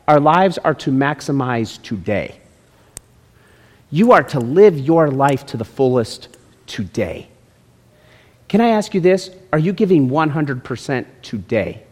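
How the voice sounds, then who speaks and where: A male pastor preaching a sermon with lively, joking asides to people in the congregation. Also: on the high side. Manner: lively, jokes with congregation members by name. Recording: long reverb in a large hall.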